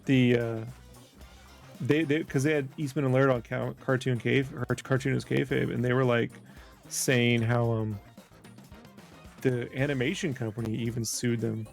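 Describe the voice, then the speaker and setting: A man talking casually as co-host of an art show, rambling through stories and teasing his partner. His voice has a gravelly, creaky grain, and there is faint music playing beneath the talk. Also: mid-range voice, fairly even intonation, moderate pace. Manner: chatty, teasing, rambling storyteller. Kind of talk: casual chat while drawing.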